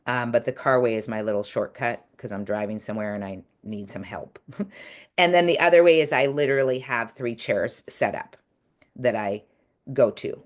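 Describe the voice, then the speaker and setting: A woman coach giving a casual, earnest talk over a video call, speaking in a chatty way with many restarts. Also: a bass voice. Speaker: coach and webinar presenter.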